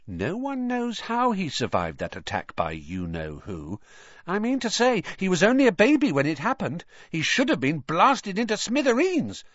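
A man's voice: sits high, wildly swooping pitch, normal speed, fairly bright tone, no room sound, pitched above the performer's own voice, exaggerated voice. A man voicing a stubborn, fearful schoolboy wizard who talks in solemn, conspiratorial tones. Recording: dry, slightly muffled audio.

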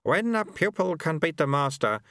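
A man's voice: on the high side, expressive, normal speed, pushed and bright, no room sound, clean studio sound, voice pushed up. A man putting on a teasing old sweeper. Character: wily old male monastery sweeper, teasing.

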